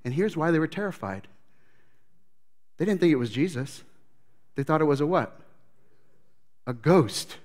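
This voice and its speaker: A man's voice: a little high, lively intonation, unhurried, pauses often, a little mellow. A man preaching a sermon as pastor, telling the story with animation and acting out scenes.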